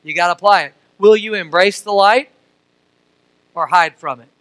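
A middle-aged man from Missouri preaching a sermon as pastor. He uses call-and-response questions and swings from soft to loud. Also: high voice, moderate pace, dry recording, poor audio.

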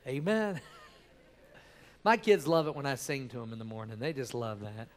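A middle-aged man preaching a sermon as pastor, swinging from hushed storytelling to loud, animated exhortation. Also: mid-range voice, normal speed.

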